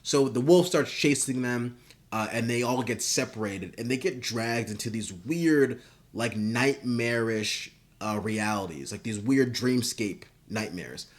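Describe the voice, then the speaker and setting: Man, casual rambling pitch, swears, filler-heavy, mid-range voice. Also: a little slow. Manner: rambling and profane, with many fillers. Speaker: video creator. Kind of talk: casual spoken pitch of a story.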